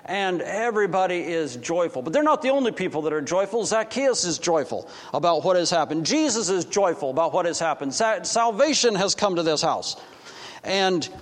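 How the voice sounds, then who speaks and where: A man preaching a sermon, telling a story and acting out dialogue with quick voice shifts. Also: sits high, big-room sound. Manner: acts out dialogue with quick voice shifts, restarts often.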